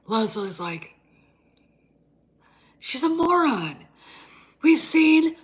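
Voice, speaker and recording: A woman's voice: medium pitch, slightly rough. A woman hosting her own show, ranting bluntly and combatively, often swearing and restarting her sentences. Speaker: host. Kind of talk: opinion rant.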